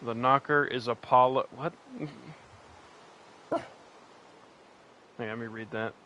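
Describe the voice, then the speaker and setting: A man's voice: medium pitch, steady tone, slow pace, pushed and bright, lo-fi sound, slight background noise. A man streaming a game in casual chat, rambling, laughing often and answering his chat. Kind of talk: casual chat while playing and reading chat.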